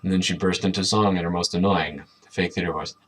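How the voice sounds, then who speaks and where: A man's voice: deep voice, steady tone, fairly quick, a bit bright, rough recording. A man reading a children's book aloud with dry, sardonic asides. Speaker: reader.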